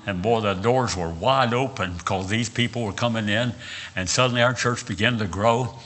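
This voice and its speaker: Bright-voiced older West Virginian preacher. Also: male voice, on the low side, normal speed. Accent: Southern US, West Virginian. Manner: folksy storytelling with frequent uh and repeated words. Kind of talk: sermon with personal stories.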